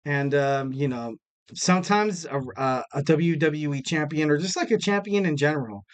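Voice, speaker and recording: Man, podcast host, slightly high-pitched, casual rambling, filler-heavy, self-mocking. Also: moderate pace. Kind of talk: casual solo podcast talk.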